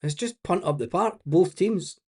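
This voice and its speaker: A man's voice: sits high, animated, measured pace, darkish tone, husky. A man giving blunt, exasperated live match commentary as a watch-along host, swearing freely and laughing often.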